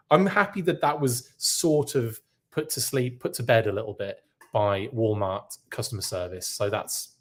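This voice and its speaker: A man hosting a live podcast who reacts to news in a casual, rambling way and keeps correcting himself. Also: mid-range voice. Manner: rambling, self-correcting, chatty. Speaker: podcast host.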